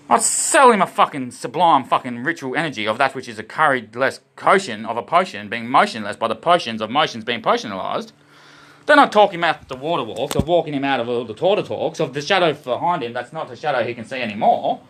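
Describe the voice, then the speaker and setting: Rambling to camera with constant swearing, an Australian vlogger plays loosely with words about love and emotion and keeps addressing "boys." His voice is mid-range and expressive, quick and a bit bright.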